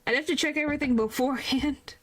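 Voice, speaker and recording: Quick-paced with a voice that sits high, a woman chats playfully while streaming a video game. She tries on different character voices and offers mild exclamations in casual talk.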